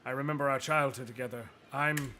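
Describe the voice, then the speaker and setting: A man's voice: mid-range voice, fairly even intonation, fairly quick, a little hiss or hum, close to an everyday voice. A man voicing a gloating evil knight. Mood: remorseful. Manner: theatrical, gloating, swings to shouting rage. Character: arrogant villainous male knight, cruel and boastful. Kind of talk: dramatic reading of game dialogue. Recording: music behind the voice.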